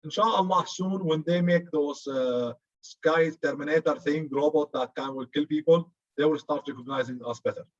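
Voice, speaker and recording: Arabic-accented guy lecturing, kinda high voice, jokey, dull lo-fi recording. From Arab region. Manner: chatty, joking, says "good" often. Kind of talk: classroom lecture.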